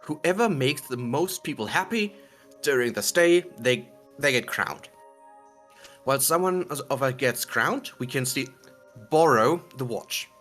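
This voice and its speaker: Soft background music plays as a man giggles and rambles through a casual recap of last tabletop session, correcting himself often. His mid-range voice is animated, unhurried, and fairly bright.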